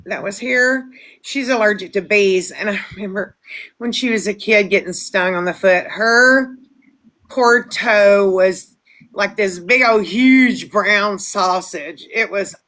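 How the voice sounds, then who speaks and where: A middle-aged woman chatting casually as a guest on a live stream, jumping in quickly with stories of her own. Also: medium pitch, fairly bright tone.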